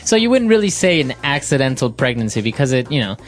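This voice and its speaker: A man's voice: mid-range voice, very animated, quick pace, soft background music. A man co-hosting an English lesson podcast, asking questions and summing up each point. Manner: asks questions and sums up points. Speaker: podcast co-host.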